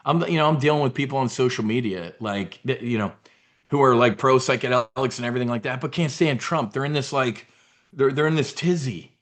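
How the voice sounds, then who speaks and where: A man's voice: medium pitch, brisk. A middle-aged man hosting a live investing briefing, talking casually with blunt, swearing asides and rambling restarts.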